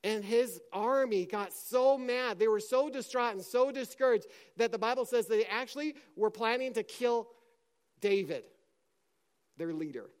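A man preaching a sermon with passion, dropping to a hush and then rising to a shout as he acts out scripture scenes. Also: very high-pitched, unhurried. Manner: impassioned, swings from hushed to shouting; acts out scripture dialogue in character.

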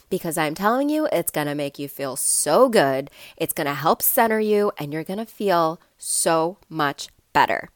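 A woman's voice: fairly low pitch, dry recording, clean studio sound. Stuffy-voiced woman hosting a podcast. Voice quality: stuffy, raspy. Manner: warm encouraging, addresses listeners directly. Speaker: podcast host. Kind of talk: motivational podcast talk.

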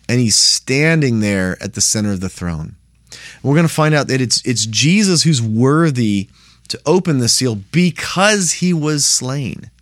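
Man, mid-pitched, dry close sound, talks through scripture conversationally and asks "right?". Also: no room sound. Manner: explains plainly, asks "right?" often. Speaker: Bible study teacher. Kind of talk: conversational Bible teaching.

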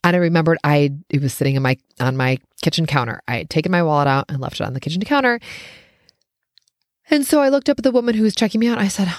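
A woman hosting her own show, telling a personal story in a casual, animated way, laughing often and jumping up in pitch when she gets excited. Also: quick pace, no echo, studio quality. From United States.

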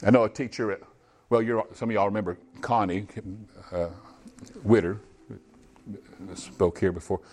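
A man preaching a sermon in a church on a microphone, swinging from high, loud passages to low, quiet asides, his voice going hoarse. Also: moderate pace, pauses often. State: losing his voice. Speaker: pastor. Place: church sanctuary. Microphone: handheld or stage microphone.

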